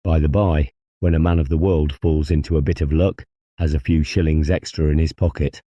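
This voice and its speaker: A man voicing a cold, scheming male doctor who talks calmly and persuasively. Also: a bass voice, no echo, clean studio sound. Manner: calm, measured, coaxing.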